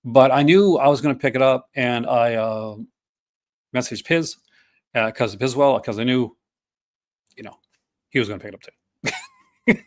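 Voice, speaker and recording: A man's voice: mid-range voice, normal speed, pauses often. Rambling man in his fifties. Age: 50s. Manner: rambling, many fillers and restarts. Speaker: podcast host. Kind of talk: casual chat.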